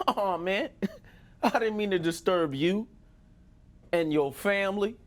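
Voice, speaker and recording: A man voicing a loud, hot-headed stranger on a subway platform, pitched well above his own voice. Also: slow pace. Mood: backing down. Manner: yelling, then backing down.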